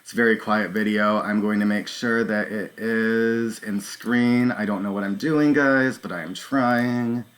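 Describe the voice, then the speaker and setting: A man hosting a live stream, talking straight to his viewers in a halting, nervous way with many filler ums. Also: lowish voice, fairly even intonation, fairly bright tone. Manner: talks to viewers directly. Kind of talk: live stream recounting events.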